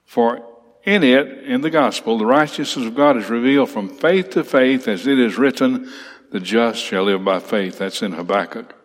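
A man's voice: medium pitch, normal speed. A man teaching a Bible class, reading verses aloud and explaining them with emphatic repetition. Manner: emphatic, reads scripture aloud then explains it. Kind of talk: expository Bible class lecture. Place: church classroom with slides. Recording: long hall reverb.

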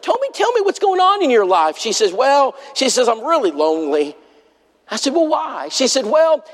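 A man preaching a sermon, pleading with the congregation and telling a story full of quoted dialogue. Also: very high-pitched. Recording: long hall reverb.

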